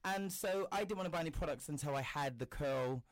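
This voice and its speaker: A man's voice: on the high side, brisk. A young man telling a story in casual chat, acting out the people he quotes and swearing freely. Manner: animated, acts out quoted voices, swears.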